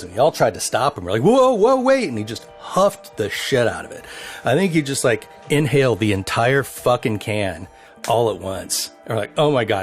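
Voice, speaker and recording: A man tells a crude road story for a documentary, his pitch rising and falling in a lively way. His swearing storytelling runs over faint music behind him. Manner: animated, profane anecdote telling. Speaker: band member.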